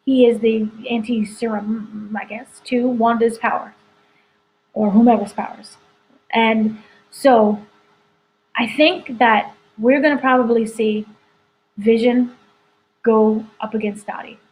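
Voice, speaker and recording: A woman's voice: fairly high pitch, fairly even intonation, slow pace, pauses often, darkish tone, poor audio. A woman editor chatting casually through a spoiler review, rambling with lots of "like" and "you know". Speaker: entertainment editor reviewing a TV episode.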